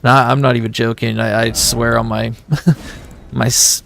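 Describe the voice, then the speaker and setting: A man's voice: mid-range voice, level tone, unhurried, gravelly, a bit bright. Rambling male gaming streamer. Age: adult with a son. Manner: rambling storytelling, chatting with viewers. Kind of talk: casual chat while playing a game.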